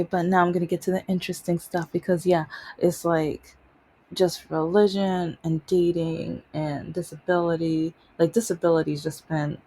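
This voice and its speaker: A woman telling stories in a casual vlog, exasperated and animated, mocking the things people say to her. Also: deep voice. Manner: animated, exasperated retelling with mocking quoted voices. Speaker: vlogger.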